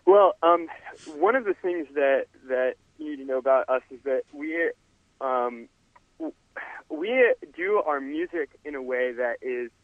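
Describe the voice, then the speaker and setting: A man's voice: fairly high pitch, expressive, no room sound. Earnest man on a tinny phone line. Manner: earnest, halting with fillers. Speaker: guest musician. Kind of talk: earnest interview answer.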